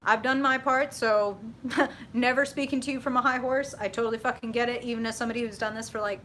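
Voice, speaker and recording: Profane, animated middle-aged woman tarot reader. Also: fairly high pitch, fast, a little hiss or hum. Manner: casual, profane, animated, laughs often. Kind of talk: live tarot reading stream.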